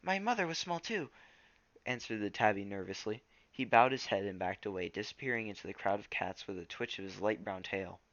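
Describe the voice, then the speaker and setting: A man's voice: lowish voice, steady tone, a little fast, hardly any pauses, a bit bright, no room sound, highs cut off. A man reading a storybook aloud in a casual way, stumbling over words now and then. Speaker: reader.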